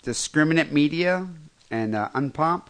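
A man's voice: on the high side, lively intonation, normal speed, a bit bright. A man co-hosting a casual podcast, rambling and mocking, with lots of fillers. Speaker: podcast co-host.

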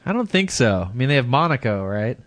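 A man's voice: medium pitch, big pitch swings, fairly quick, dry recording. Man reading news stories in dry close sound. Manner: rambling, crude jokes, stumbles over names, laughs mid-sentence. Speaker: podcast co-host. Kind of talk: casual podcast chat, reading news stories.

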